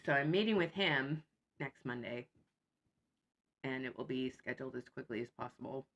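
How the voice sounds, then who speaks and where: A woman's voice: rumbling low, moderate pace, fairly bright tone, muffled recording. Blunt, sarcastic woman vlogger. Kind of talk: casual chat.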